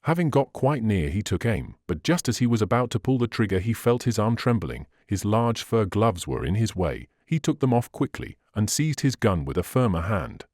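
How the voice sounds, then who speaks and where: A man narrating a classic adventure novel as an audiobook reader, in an expressive, measured way. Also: lowish voice, no echo, studio quality. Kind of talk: scripted narration.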